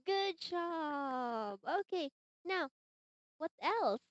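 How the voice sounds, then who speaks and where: A young woman teaching English online to a child, slow, sing-song and encouraging, on a dull lo-fi call mic. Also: high-pitched, expressive, no echo. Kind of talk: demo lesson for a young learner. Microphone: computer mic on a video-call platform. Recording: dull, dry lo-fi call audio.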